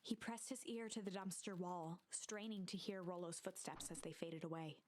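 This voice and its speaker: A voice narrating a storybook adventure game in a soft, even storyteller manner. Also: mid-range voice, normal speed, a little hiss or hum, natural voice.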